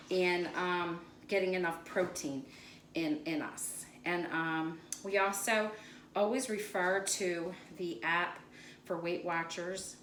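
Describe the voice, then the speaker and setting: A woman's voice: on the low side, fairly bright tone. A woman hosting a home cooking video, chatting casually and wandering into side stories as she demonstrates a recipe in her kitchen. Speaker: cooking channel host. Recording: echoey room with faint noise.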